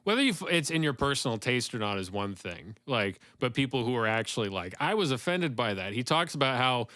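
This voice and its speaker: A man hosting a podcast in casual chat, rambling and enthusiastic and quick to laugh. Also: medium pitch, expressive, pushed and bright, clear, resonant tone, no echo. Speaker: podcast host.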